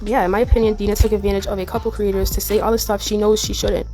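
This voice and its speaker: A woman's voice: medium pitch, flat delivery, rapid-fire, dark tone, faint music behind. A woman hosting a casual livestream commentary, talking bluntly and animatedly, swearing and laughing often. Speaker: YouTube commentary host.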